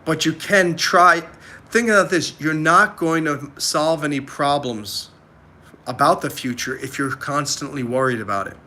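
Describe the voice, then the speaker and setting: A man in his forties hosting a motivational livestream, talking earnestly and often clearing his throat. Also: on the high side, measured pace, pushed and bright. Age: 40s. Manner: earnest, reads and answers chat. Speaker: livestream host.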